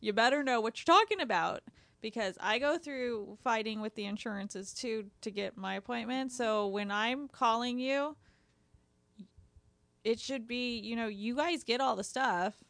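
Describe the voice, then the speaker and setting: A woman's voice: fairly high pitch, measured pace, a bit bright, no room sound. A woman speaking as a patient, talking indignantly and emphatically in casual chat.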